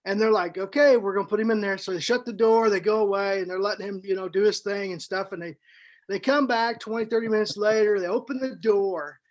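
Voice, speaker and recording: A man, co-host and author on a podcast, tells a story in a casual, animated way, repeating himself and adding fillers as he goes. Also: high-pitched, fairly quick, lo-fi sound. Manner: animated, rambling storyteller who repeats words.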